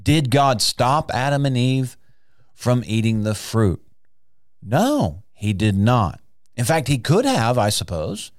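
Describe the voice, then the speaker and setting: A man's voice: medium pitch, very animated, measured pace, dry recording. A man teaching the Bible on a podcast, sermon-style, emphatic, asking rhetorical questions and stretching out key words, recorded in a studio.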